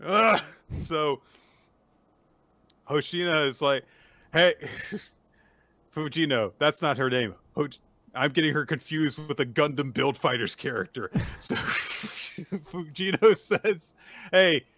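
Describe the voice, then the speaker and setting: Bright-voiced man recapping manga. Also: a little high, takes it slowly, long pauses, no room sound. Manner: animated, laughs often, voices quoted characters in excited bursts. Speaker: podcast co-host. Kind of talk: casual manga recap chat.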